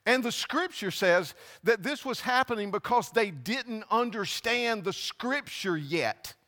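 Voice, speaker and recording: A man preaching a sermon, telling a scripture story with halting restarts and acting out the voices. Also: high-pitched, lively intonation, sharp tone, big-room sound. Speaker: pastor. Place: church.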